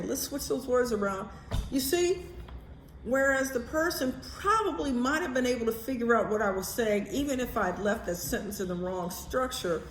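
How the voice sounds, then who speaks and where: A woman vlogging in a casual, animated chatty way, swearing now and then. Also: on the high side, reverberant, a little hiss or hum. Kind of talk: casual chat to camera.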